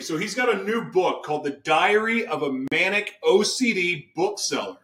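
A man's voice: high voice, lively intonation, moderate pace, few pauses, a bit bright. A man hosting an interview, effusive and rambling with frequent restarts. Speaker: interview host. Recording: echoey room, distant mic.

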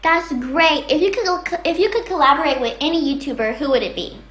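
Bubbly female interviewer, high voice, echoey room. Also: a little fast, a bit bright. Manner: bubbly, gushing praise, rambling questions. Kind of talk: casual interview.

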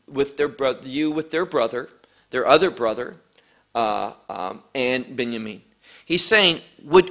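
A man's voice: on the high side, fairly bright tone. A man teaching a verse-by-verse sermon, asking rhetorical questions and mixing in Hebrew terms. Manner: deliberate, asks rhetorical questions. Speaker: Bible teacher.

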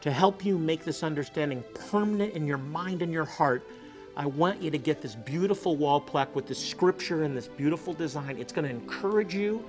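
A man preaching a sermon, telling stories and dropping to a soft hush for emphasis. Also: on the high side, lively intonation, a little fast. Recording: faint music behind.

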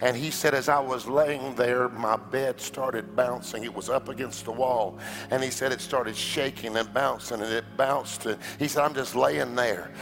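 A middle-aged man preaching a sermon, telling a story that builds to a fervent, shouting climax. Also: mid-range voice, creaky. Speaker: pastor. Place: large church auditorium.

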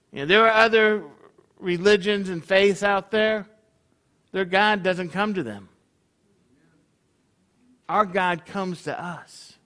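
Male congregation leader, high pitched and bright, preaching in a chatty way with frequent "right?" check-ins. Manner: conversational, peppered with rhetorical questions. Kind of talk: sermon.

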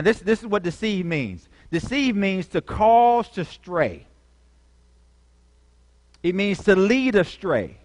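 A man preaching a lively sermon, calling out to the congregation with dramatic swings in volume. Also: high voice, long reverb tail. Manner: animated, call-and-response, dramatic shifts in volume.

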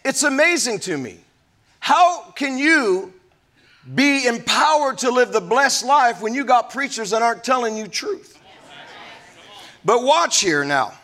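Emphatic high-voiced male pastor preaching. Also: big pitch swings, a little slow, bright, forceful tone. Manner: emphatic preaching with folksy asides. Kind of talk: sermon.

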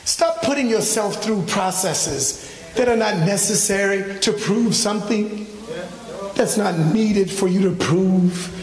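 High-voiced pastor in an echoey hall. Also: male voice, slow. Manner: animated storytelling, acts out his own phone calls, laughs along. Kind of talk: sermon with personal story. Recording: echoey church hall from far off.

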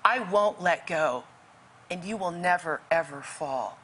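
A woman's voice: lowish voice, expressive, measured pace, a bit bright, husky. A woman guest telling a faith story vividly, acting out the dialogue in it. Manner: vivid, acts out quoted dialogue. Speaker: guest author. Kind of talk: storytelling testimony.

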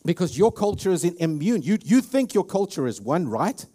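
Preaching as a pastor with a South African accent, this man sounds very animated, his high voice warm and slightly rough at normal speed. His sermon is emphatic and repetitive, packed with restarts and repeated words.

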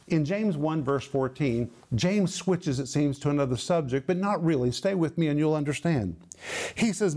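A man preaching a sermon, who explains words closely and slows down to stress his points. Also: a little high, dark tone.

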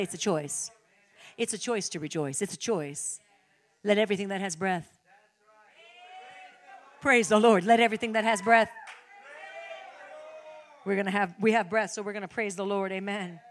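A woman pastor preaching a sermon, moving from quiet, conversational talk to loud, fervent exclamations. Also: mid-range voice. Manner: builds from quiet talk to loud, shouting praise.

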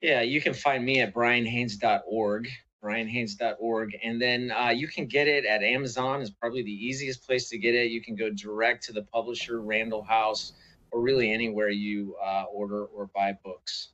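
A man's voice: medium pitch, steady tone, moderate pace, pushed and bright, muffled recording. A middle-aged man, a pastor and author, telling a personal faith story as an interview guest in an earnest, reflective way with frequent fillers and restarts.

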